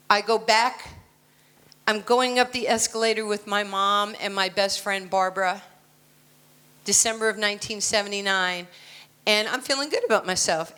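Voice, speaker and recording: A woman's voice: a little high, sharp tone, clear, resonant tone. A woman in her sixties with a New York accent, giving a blunt, emphatic motivational keynote full of personal stories. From United States. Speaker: keynote speaker. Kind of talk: motivational speech.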